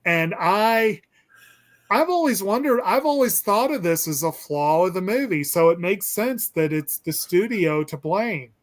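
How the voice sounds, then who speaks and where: A man's voice: high-pitched, animated, measured pace. A man hosting a casual movie discussion, rambling and hesitant with lots of ums and restarts. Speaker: podcast host.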